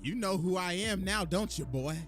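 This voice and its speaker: A man voicing a ruthless older male military leader with a low, taunting, profane drawl that calls his victims boy. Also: lively intonation, moderate pace. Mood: menacing. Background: background music.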